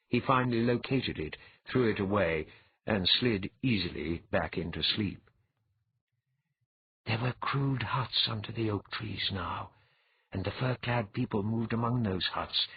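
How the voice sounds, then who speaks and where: Gravelly husky male audiobook narrator. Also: fairly low pitch, no echo. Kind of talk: scripted fantasy narration. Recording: dull lo-fi, dry.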